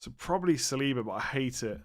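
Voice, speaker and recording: With lively intonation and a fast, medium-pitched voice, a tired English streamer reads viewer questions aloud and answers them. His talk is casual and wandering, full of self-interruptions and yawns.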